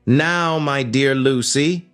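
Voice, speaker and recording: A man voicing a gentle, fussy old bachelor banker in an audiobook, speaking with fond, old-fashioned courtesy. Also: medium pitch, slow, soft background music, pitched above the performer's own voice. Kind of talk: audiobook character voice.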